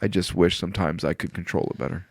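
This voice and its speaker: Deep-voiced earnest man in his forties. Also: fairly even intonation, fast, dry recording, studio quality. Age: 40s. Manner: earnest, rambling, often quotes himself. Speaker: podcast guest. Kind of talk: casual conversation. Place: studio.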